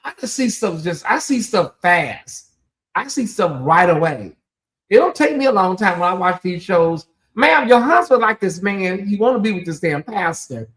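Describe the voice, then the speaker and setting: Here a host offers cheeky real-time commentary on a TV program, calling out viewers by name and erupting into loud exclamations. Her medium-pitched voice has lively intonation at a normal speed.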